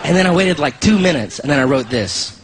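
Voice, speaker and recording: A man performing a stand-up comedy set, telling a story with animated acted-out exchanges and shouted punchlines. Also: fairly high pitch, fairly quick. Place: stage before a laughing live audience. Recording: live club recording with crowd noise.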